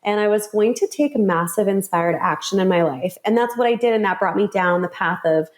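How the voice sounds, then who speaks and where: Lady telling her life story on a show, really expressive. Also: medium pitch, fairly quick. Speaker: guest, teacher and storyteller. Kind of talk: personal storytelling.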